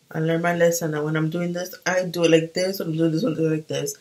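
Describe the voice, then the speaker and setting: A woman's voice: low voice, normal speed, rough recording. A young woman chatting casually while doing her makeup, talking animatedly. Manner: chatty and animated, full of fillers. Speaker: beauty vlogger.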